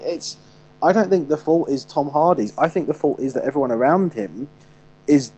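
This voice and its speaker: A man's voice: medium pitch, mellow, low-quality recording. A man co-hosting a film review show, talking casually with frequent restarts and fillers. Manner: rambling, many restarts and fillers.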